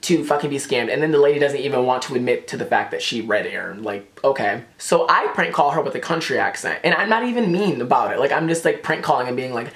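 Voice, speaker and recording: A young man telling a storytime to his camera, rapid and animated, with lots of swearing. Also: mid-range voice. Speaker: vlogger. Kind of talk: casual storytime.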